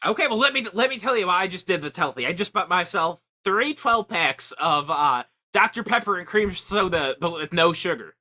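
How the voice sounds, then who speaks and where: A man's voice: high-pitched, animated, moderate pace, few pauses, bright, forceful tone. A man co-hosting a podcast in casual chat, rambling confidently about things he half knows. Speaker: podcast co-host.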